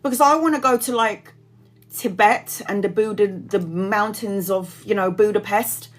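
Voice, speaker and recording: A woman in her forties with a mid-range voice speaks at a moderate pace. She's a tarot reader chatting casually with viewers on a live stream, rambling, laughing often, and reading out comments.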